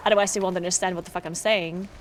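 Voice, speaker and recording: A woman's voice: fairly low pitch, steady tone, very fast, a little hiss or hum. Chatty woman with a South Tyrolean German accent. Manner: chatty, laughs often, reads out chat thanks. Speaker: streamer. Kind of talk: casual gaming stream chat.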